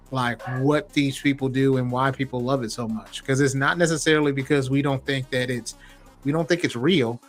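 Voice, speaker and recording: A man co-hosting a podcast, talking in a casual, animated and emphatic way. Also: mid-range voice. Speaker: podcast co-host. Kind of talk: casual chat.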